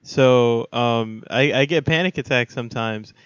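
A man's voice: medium pitch, measured pace, a bit bright, clean tone, no echo. A young man co-hosting a casual podcast, crude and swearing often, making mock threats. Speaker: podcast co-host. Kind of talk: casual chat. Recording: dull lo-fi sound.

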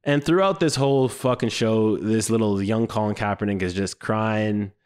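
A man giving casual comedic commentary on a show he watched, animated and profane, mocking it and jumping into high squeaky voices when he quotes people. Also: moderate pace, clean tone. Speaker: show reviewer.

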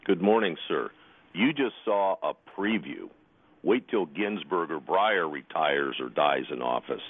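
A man's voice: sits low, animated, unhurried, dry recording. A man calling into a radio show, blunt and matter-of-fact. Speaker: radio caller. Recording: husky voice over phone line.

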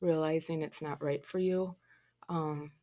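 A woman tells a family story in casual chat. She is animated, acting out quoted lines and dropping sarcastic asides. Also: low voice, unhurried. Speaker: mother telling a family story.

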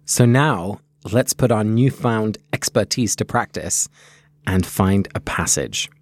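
A man co-hosting a podcast, reflective and gently guiding listeners through a reading and discussion. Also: on the low side, slow, no echo. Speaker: podcast co-host.

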